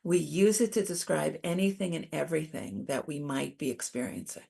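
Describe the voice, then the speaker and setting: A middle-aged woman giving a calm, explanatory talk on coping with stress, as presenter. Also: deep voice, moderate pace, vocal fry, breathy edge. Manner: calm, validating, explains step by step.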